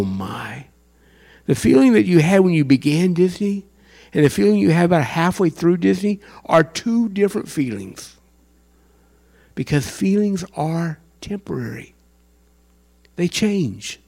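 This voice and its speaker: A man preaching a sermon in an animated way, acting out the voices of fans and worshippers. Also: high voice, creaky. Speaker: pastor.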